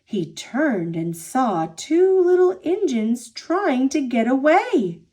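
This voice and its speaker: A woman reading a children's picture book aloud in a high, lively voice. She draws out every phrase very slowly and expressively. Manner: expressive, drawn-out storybook narration. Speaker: storyteller.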